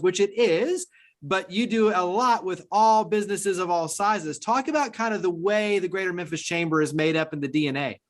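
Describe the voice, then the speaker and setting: High-voiced man hosting an interview. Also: fairly bright tone. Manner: friendly, complimentary. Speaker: show host.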